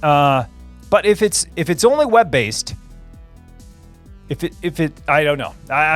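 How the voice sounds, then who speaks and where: Rambling upbeat male tech streamer. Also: fairly high pitch. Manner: rambling, repeats phrases, many fillers and restarts. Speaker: livestream host. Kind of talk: casual livestream chat answering viewers.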